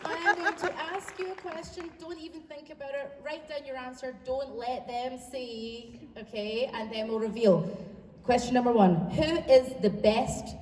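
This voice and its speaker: A woman's voice: sits high, fairly even intonation, moderate pace, darkish tone. A woman from the UK with a Scottish accent, moderating a live convention panel in a chatty, self-deprecating way, recorded from the audience on a phone. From United Kingdom. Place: large convention hall. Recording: echoey hall, far off, crowd noise.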